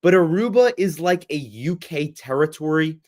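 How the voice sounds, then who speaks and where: A young man hosting a casual livestream Q&A, rambling and reacting to the chat in a lively, chatty way. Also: on the high side, moderate pace. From United States. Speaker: livestream host.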